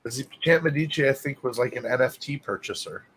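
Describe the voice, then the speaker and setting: A man's voice: medium pitch, fast, fairly bright tone. Co-host guy, short dry comments, bit of hiss behind him. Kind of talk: casual chat.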